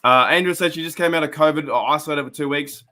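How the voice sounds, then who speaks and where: Fast, bright and forceful, this fairly high male voice belongs to a young Australian hosting a casual fan stream. He chats rambly with viewers and comments on a game, laughing a lot and greeting people by name.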